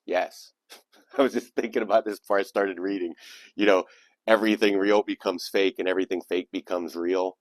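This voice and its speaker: Deep-voiced man hosting a poetry reading. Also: steady tone, fairly quick, no room sound. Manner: reflective, digressive. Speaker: channel host. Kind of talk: casual commentary and poetry reading.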